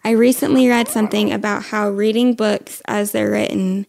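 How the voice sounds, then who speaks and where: A young woman hosts a casual podcast chat in a voice with plenty of vocal fry. She is friendly and curious, putting questions to her guest with light laughs. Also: mid-range voice, steady tone, moderate pace, a little mellow. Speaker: podcast host.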